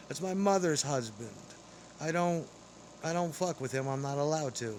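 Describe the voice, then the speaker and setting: A man's voice: a little high, a little slow, darkish tone, a little hiss or hum. A man delivering an angry, rambling, profane monologue straight to camera.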